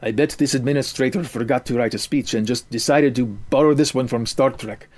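A grumpy, know-it-all teenage boy who complains in a steady, pedantic drone, as a male storyteller voices him. His voice stays close to the storyteller's own. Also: mid-range voice, fairly quick, lightly acted. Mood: grumbling. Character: grumpy, nerdy 13-year-old boy musician.

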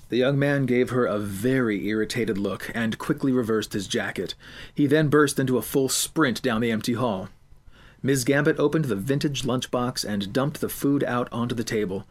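A man's voice: mid-range voice, normal speed. Man narrating an audiobook. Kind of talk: scripted narration.

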